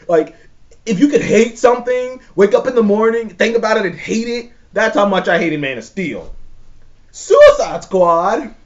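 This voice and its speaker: A high, lively male voice rants in a casual chat, swearing freely and sounding exasperated. He stresses his points hard and swings his pitch up and down as he talks. The recording is a bit dull and lo-fi. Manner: profane, exasperated, emphatic. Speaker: show co-host ranking movies.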